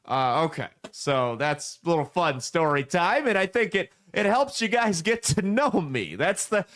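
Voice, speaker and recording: A man in his thirties hosting a casual podcast, a brash storyteller with crude jokes and sudden swings in loudness. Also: fairly high pitch, animated, measured pace. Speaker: podcast host.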